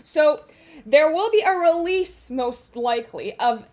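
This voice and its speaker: A woman's voice: high-pitched, lively intonation, measured pace, darkish tone. A young adult woman talking casually to viewers as an astrologer, chatty and full of fillers and restarts. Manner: chatty, frequent fillers and restarts, laughs at herself.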